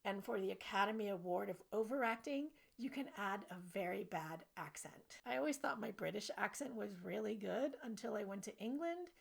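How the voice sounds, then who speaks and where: A woman self-help coach giving an animated, playful instructional video lesson. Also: mid-range voice, a little fast, gravelly, few pauses.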